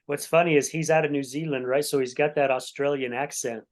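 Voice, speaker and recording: A man's voice: mid-range voice, steady tone, a little fast. A man hosting a podcast interview, talking in a chatty, rambling way with many restarts. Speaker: podcast host. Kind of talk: casual interview chat.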